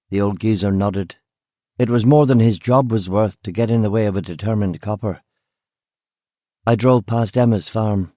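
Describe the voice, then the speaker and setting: A man narrating a first-person crime novel audiobook in a dry, wry, measured way. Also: fairly low pitch, mellow, dry recording.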